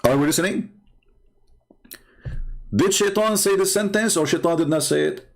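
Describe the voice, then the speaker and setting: Gravelly man arguing on a livestream. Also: high voice, normal speed. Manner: argumentative, repeats rhetorical questions, frequent filler. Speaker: online show host. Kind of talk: livestream commentary on religious texts.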